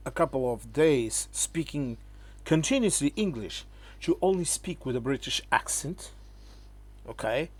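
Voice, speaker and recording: A man, talking straight to the camera to rebut critics in an emphatic, lecturing way. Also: medium pitch. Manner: lecturing, keeps asking "okay?"; emphatic, addresses the viewer as "my friend". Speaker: channel host.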